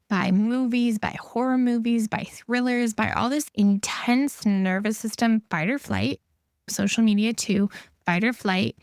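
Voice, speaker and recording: A woman's voice: medium pitch, gravelly, no room sound. Earnest woman podcast host, dry sound. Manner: earnest, emphatic, repeats key points. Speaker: podcast host and intimacy coach. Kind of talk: solo podcast talk.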